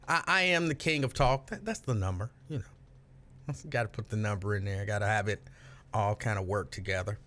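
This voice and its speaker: A man with a slightly high, somewhat bright voice hosts a casual afternoon live stream. Playful and self-mocking, he greets viewers by name, reads their comments aloud, and jokes about himself.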